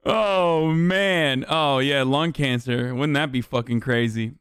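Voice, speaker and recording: A man's voice: medium pitch, takes it slowly, a bit bright, smooth, no echo, studio quality. A man streaming a casual reaction commentary, blunt and profane, with scornful laughs.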